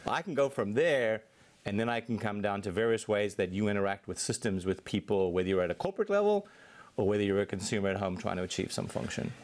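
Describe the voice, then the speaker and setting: A man's voice: on the low side, animated, fast talker. Fluent male tech executive explaining. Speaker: Microsoft technology executive, guest. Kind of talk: interview answers.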